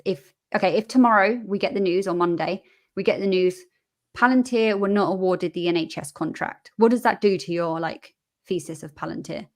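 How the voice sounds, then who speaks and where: A British woman from the UK, a guest investor talking in a casual interview, agreeable and quick to laugh. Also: mid-range voice. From United Kingdom.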